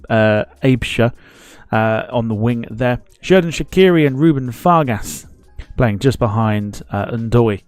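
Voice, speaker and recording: A man at a mid pitch hosts a live football watchalong in a casual, rambling way. He greets people in the chat and cracks himself up now and then. The sound is close and dry, with soft music faint in the background. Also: clear, resonant tone, no room sound. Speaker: streamer hosting a football watchalong.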